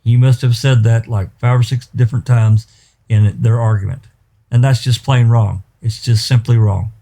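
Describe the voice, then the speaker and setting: Defense lawyer guy pushing back hard in court, deep dark voice, lots of uhs. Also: steady tone, moderate pace. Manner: pointed, emphatic rebuttal with many fillers. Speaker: defense attorney. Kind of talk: courtroom legal rebuttal.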